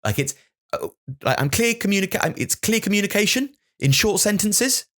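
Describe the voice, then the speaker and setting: A man's voice: high voice, animated, normal speed, a bit bright. A man hosting his own podcast, rambling through a sweary, self-mocking comic monologue. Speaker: comedian podcast host.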